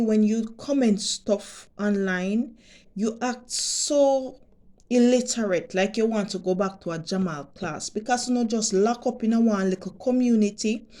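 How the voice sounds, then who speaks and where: A Jamaican woman talks straight to her viewers at an unhurried pace. Her voice is mellow and soft-edged, and she makes her points with deliberate emphasis, going back over them to drive them home. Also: mid-range voice. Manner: deliberate, emphatic, repeats herself. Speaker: vlogger. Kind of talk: direct-to-camera monologue.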